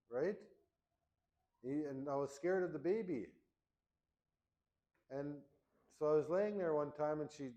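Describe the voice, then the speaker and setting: A man's voice: a little high, dark tone, low-quality recording. A middle-aged man from Canada, plain-spoken and candid, telling a personal story to an audience. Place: event hall.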